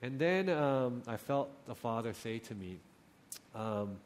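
A man's voice: medium pitch, animated, takes it slowly. A man, a pastor, giving a personal testimony in a sermon, storytelling with feeling and acting out his own prayers.

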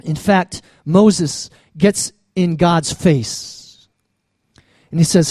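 A man's voice: fairly high pitch, drawn-out words, darkish tone, breathy edge, no room sound. A man preaching a sermon as pastor, conversational and often stammering on restarts.

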